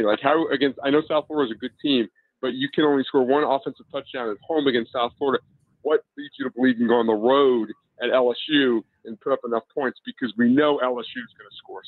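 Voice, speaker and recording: A male college football editor calls in to a sports radio show, and he sounds squeezed through a narrow, tinny phone line. He talks in an analytical way, sometimes stammering and restarting, with a dry sound and no room around it. His pitch sits in an ordinary middle range. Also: no echo.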